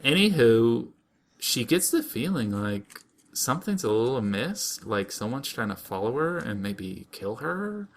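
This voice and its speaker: A man's voice: mid-range voice, very animated, measured pace, a little hiss or hum. A man co-hosting a podcast, recapping a show in a rambling, jokey way and slipping into silly put-on voices. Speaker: podcast co-host. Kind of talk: casual comedic recap.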